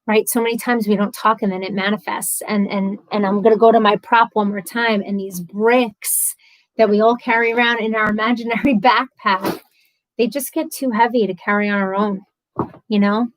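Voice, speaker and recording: A woman's voice: medium pitch, fairly even intonation, moderate pace, no echo, rough recording. A woman hosting a live stream from home, chatty and earnest, talking casually and openly at length. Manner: chatty and earnest, talks a lot.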